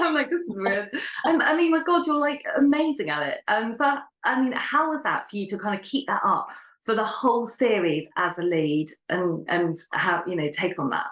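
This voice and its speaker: A woman's voice: medium pitch, lively intonation, moderate pace, a bit bright. A woman interviewer asking enthusiastic questions and laughing often. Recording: roomy echo.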